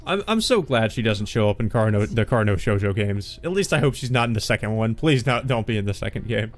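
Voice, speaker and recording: A man's voice: lowish voice, animated, fairly quick, soft background music. A man hosting a let's play, reading a visual novel aloud and breaking in with wry, joking asides.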